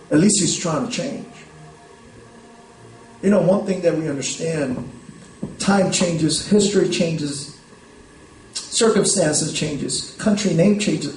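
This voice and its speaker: A man's voice: high voice, darkish tone, a little hiss or hum. A male pastor preaching a sermon in a conversational storytelling way, often checking in with "right?". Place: church sanctuary. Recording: roomy hall, voice from a distance.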